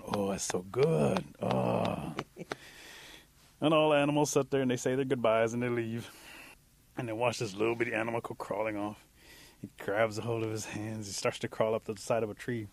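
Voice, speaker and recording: Male storyteller, mid-pitched, folksy and unhurried, for an animal folktale. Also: gravelly, slight background noise. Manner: folksy, unhurried, with lively pitch jumps for emphasis.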